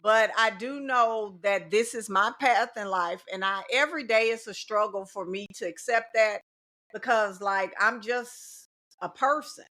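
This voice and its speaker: A woman's voice: mid-range voice, measured pace, sharp tone. A middle-aged woman, a teacher in a casual podcast conversation, talking emphatically and repeating her key points. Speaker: teacher and guest.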